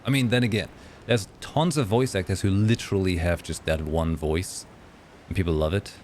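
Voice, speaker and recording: A man chatting casually with viewers on a game live stream, lively and playful, slipping into voices for fun. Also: low voice, moderate pace, a little hiss or hum.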